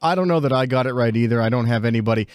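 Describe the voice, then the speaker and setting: A man co-hosting a podcast in a relaxed, ribbing chat. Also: medium pitch, racing, clear, resonant tone, dry recording. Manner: easygoing, ribbing the host. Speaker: podcast co-host. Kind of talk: casual chat.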